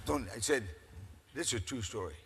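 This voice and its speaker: Lively older man telling stories in a hall. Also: medium pitch, a little fast, husky. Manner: animated, folksy storyteller. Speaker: keynote speaker. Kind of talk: storytelling speech. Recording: echoey hall.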